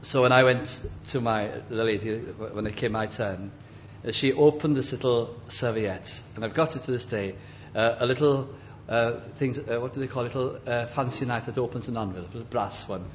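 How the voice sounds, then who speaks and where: An older man preaching and reminiscing gently, halting often as he recalls details, in a dull lo-fi recording. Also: medium pitch, a little hiss or hum. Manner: gentle, halting, with many fillers and restarts. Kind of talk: reminiscing sermon.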